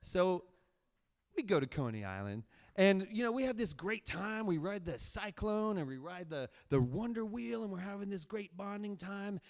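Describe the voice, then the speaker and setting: A man's voice: sits high, expressive, normal speed. A man from Virginia telling a personal story on stage, rambling with many fillers and restarts and poking fun at himself. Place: stage of a cultural center, live audience.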